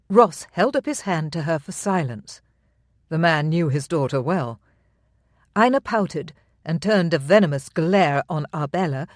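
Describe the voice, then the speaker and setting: An audiobook narrator reading a historical romance in an even, steady storytelling manner. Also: medium pitch, no echo, studio quality.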